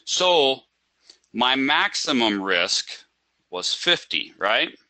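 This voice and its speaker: A man's voice: medium pitch, very animated, drawn-out words, sharp tone, dry recording, low-quality recording. A man teaching a live trading webinar, asking rhetorical questions and acting out a panicked trader. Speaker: trading instructor.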